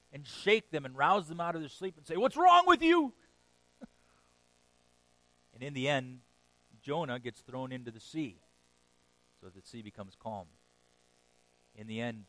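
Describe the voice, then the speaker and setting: A man preaching a sermon, telling a story with animated bursts of emphasis and chuckles. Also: mid-range voice, rough recording. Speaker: pastor.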